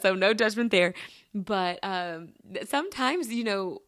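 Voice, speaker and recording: Woman, podcast host, bright clear voice, rambling casual storytelling. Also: medium pitch, animated, normal speed. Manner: chatty storytelling with many fillers. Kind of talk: casual chat.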